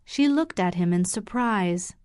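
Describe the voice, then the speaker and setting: Slow, careful woman narrator. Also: on the low side, expressive, a little mellow, smooth, dry recording, clean studio sound. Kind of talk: scripted narration of a graded English reader.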